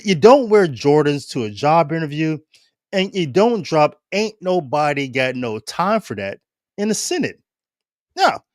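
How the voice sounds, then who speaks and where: A man from Ohio hosting his own show, talking in animated, casual commentary and laughing often. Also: fairly high pitch, dry recording, studio quality. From Ohio, United States. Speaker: show host.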